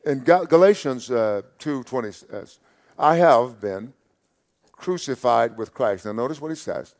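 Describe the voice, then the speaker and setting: A man preaches in a mid-range voice, neither high nor low. He hammers phrases by repeating them and lifts his voice loud when quoting scripture. At the end of a thought he often drops soft and low. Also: lively intonation, measured pace. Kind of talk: sermon.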